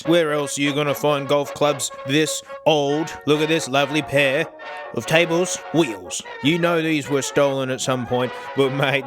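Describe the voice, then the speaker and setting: An Australian man hosting his own channel, chatting casually in an excitable, slangy way and chuckling often. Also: high-pitched. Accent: South Australian. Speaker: tech channel host. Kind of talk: casual vlog talk to camera.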